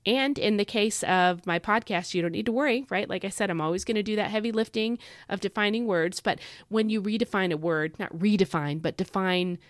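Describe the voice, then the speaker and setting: A woman's voice: medium pitch, a little fast, few pauses, no echo, clean studio sound. Earnest woman hosting a devotional podcast. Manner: earnest and emphatic, repeats key words for stress. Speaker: podcast host.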